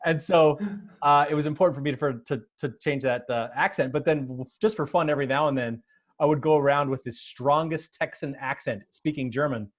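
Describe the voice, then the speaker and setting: Through a dull, lo-fi recording, a slightly high-voiced American man talks fairly quickly as he hosts a podcast. The chat is casual, with frequent jokes, laughter, and restarted sentences.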